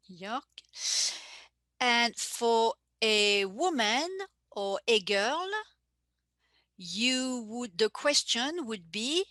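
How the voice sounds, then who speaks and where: Slow, bright-voiced teacher woman. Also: on the high side, expressive, no echo. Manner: slow, careful, repeats phrases for learners. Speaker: French teacher. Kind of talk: live online language lesson.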